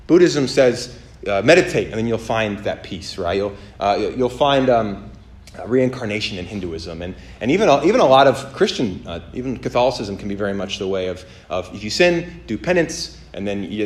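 A man preaching on a podcast, telling stories with lively acted-out voices and many fillers. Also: reverberant. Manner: animated storytelling, acts out voices with big pitch jumps. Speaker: pastor. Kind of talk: sermon on a podcast.

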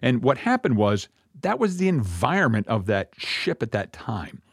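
A middle-aged man, a Messianic rabbi, telling a personal story as a sermon in an earnest, reflective way, with pauses and restarts. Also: medium pitch, sing-song, vocal fry, breathy edge, no room sound, studio quality.

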